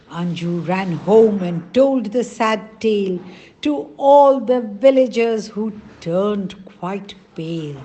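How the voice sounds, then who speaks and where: A woman narrating a rhyming children's storybook in a gentle, sing-song manner. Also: medium pitch, slow pace.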